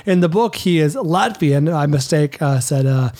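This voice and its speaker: Higher-voiced man co-hosting a film chat. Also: animated, moderate pace, darkish tone. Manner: playful, rambling list talk with restarts. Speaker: podcast co-host. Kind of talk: casual film podcast chat.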